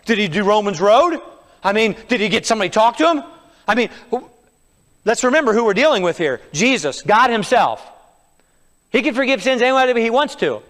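A male pastor preaching a sermon, swinging from loud emphasis to hushed tones. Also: sits high, lively intonation, brisk, long reverb tail. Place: church sanctuary.

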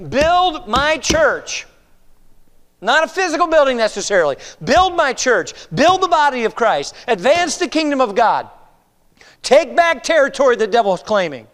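A male pastor preaches a sermon in a high, expressive voice, his pitch leaping and falling. He swings dramatically between hushed, confiding asides and drawn-out, emphatic exhortations, and his words ring with the long reverb of a church sanctuary.

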